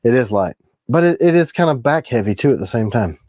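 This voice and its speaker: A man's voice: medium pitch, expressive, a little mellow, no echo. Man, knife maker, casual live-stream chat, rambling, dry sound. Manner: rambling, jumps between thoughts, quick laughs.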